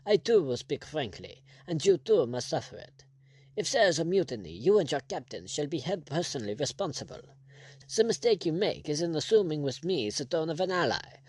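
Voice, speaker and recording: Guy reading as stuck-up french baron, cold and disdainful, lively pitch, dry sound. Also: no room sound. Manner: disdainful, icy, angry. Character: haughty arrogant French baron, general.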